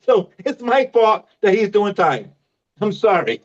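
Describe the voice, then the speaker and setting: A man's voice: sits high, big pitch swings, a little slow, lo-fi sound. A man in his fifties doing a stand-up comedy set, mocking himself and laughing at his own jokes. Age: 50s.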